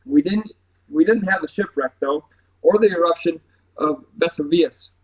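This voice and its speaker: A man voicing a pompous, excitable male scarecrow in a storybook reading, with a grand, theatrical manner. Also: fairly high pitch, moderate pace, close to an everyday voice, rough recording. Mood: proud.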